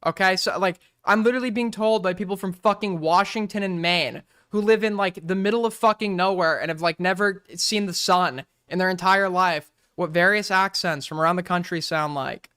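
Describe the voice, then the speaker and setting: A man's voice: sits high, normal speed, few pauses, bright, forceful tone, smooth, dry recording, clean studio sound. A man with a New York accent from Long Island, ranting profanely and sarcastically in casual livestream commentary. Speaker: streamer reacting to drama.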